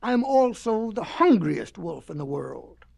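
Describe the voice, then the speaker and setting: A woman's voice: mid-range voice, sing-song, gravelly, very noisy, heavily acted. Woman doing a growling, pompous big bad wolf. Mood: boastful. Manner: growling, pompous, drawn-out delivery. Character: boastful, greedy big bad wolf, male. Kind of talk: storybook reading.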